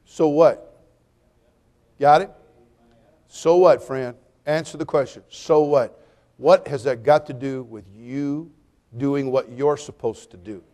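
A man preaching a sermon, telling jokey stories with lively swings between loud punchlines and quiet, earnest appeals. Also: mid-range voice, slow, pauses often. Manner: animated, joking storytelling with sudden drops to quiet appeals.

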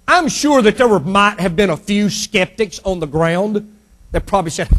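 A male pastor delivering a Sunday sermon to his church, emphatic, dropping soft and then rising loud. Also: high-pitched, lively intonation, normal speed.

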